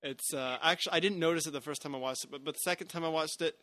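A man's voice: on the high side, rapid-fire, pushed and bright, no echo. A man co-hosting a podcast, talking casually about a film, hesitant with many fillers and restarts. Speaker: podcast co-host.

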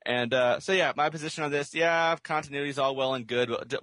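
A man's voice: mid-range voice, brisk, fairly bright tone, no room sound. A man co-hosting a podcast in casual chat, rambling with many restarts and fillers. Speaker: podcast co-host.

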